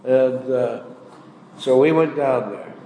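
Folksy older preacher in an echoey hall. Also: male voice, mid-range voice, slow, dark tone. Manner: folksy storytelling with plain grammar. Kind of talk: sermon storytelling. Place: church hall. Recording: echoey hall, faint room noise.

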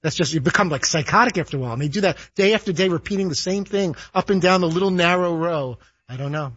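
High, fast-talking male radio cohost. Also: a bit bright, breathy edge, muffled recording. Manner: rambling and earnest, repeats phrases. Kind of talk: casual on-air banter.

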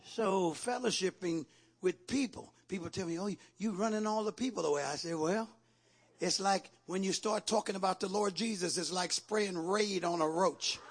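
A man preaching a sermon in call-and-response style, rising from a low, quiet delivery to loud shouting. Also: moderate pace, breathy edge.

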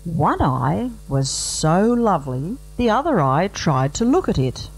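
Slow, dry Australian bush poet. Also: male voice, high-pitched, sing-song, slightly rough, rough recording. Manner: dry, rhythmic storytelling with broad slang. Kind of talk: comic bush poetry recital.

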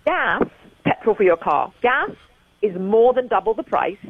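This English woman in her sixties, speaking with an English accent, repeats herself for emphasis while being interviewed remotely as a guest. Her slightly rough voice is a little high and animated, moving at a measured pace over phone-quality sound.

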